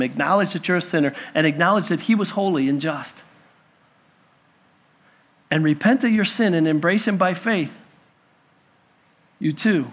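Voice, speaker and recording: A male pastor preaching a sermon to a congregation, rising to emphatic peaks and dropping to hushed pleading. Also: fairly high pitch, breathy edge.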